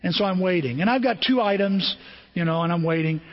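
A man preaches a sermon in a high, husky voice, telling stories with animated swings and frequent restarts. The recording is dull and lo-fi. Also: brisk. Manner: storytelling, animated, repeats and restarts phrases. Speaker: pastor.

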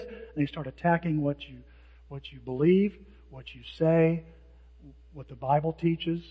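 A male pastor preaching a sermon in an animated way, acting out the lines of people who mock. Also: on the high side, a little slow, breathy edge. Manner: animated, acts out hecklers' lines. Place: church sanctuary. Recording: dull sound with long hall reverb.

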